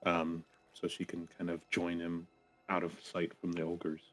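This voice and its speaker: A man's voice: low voice, monotone, a little slow, a bit bright, faint music behind. A man taking part as a player in a tabletop game, chatting casually.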